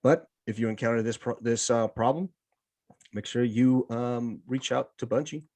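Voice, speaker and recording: A man hosts a podcast and runs through game news in an animated, casual way. He paraphrases loosely and laughs often. His voice sits at an everyday middle pitch. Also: moderate pace. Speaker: podcast host.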